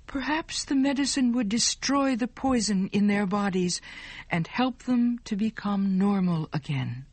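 A woman narrating a story in a slow, clear, deliberate way. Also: medium pitch, lively intonation, a little mellow, dry recording.

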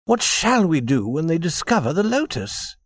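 A courteous young gentleman traveller, as a narrator puts him on, soft-spoken with a lilting, lively pitch. His tone is a little husky. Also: normal speed.

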